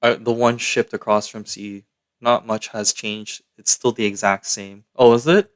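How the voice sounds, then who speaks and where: A man's voice: fairly low pitch, level tone, unhurried. A young man from Canada, chatting casually and slangily to his live-stream chat.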